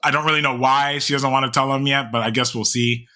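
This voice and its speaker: A man's voice: mid-range voice, fairly even intonation, fast, pushed and bright. A young man co-hosting a podcast, rambling casually with many fillers and restarts. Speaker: podcast co-host. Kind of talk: casual chat.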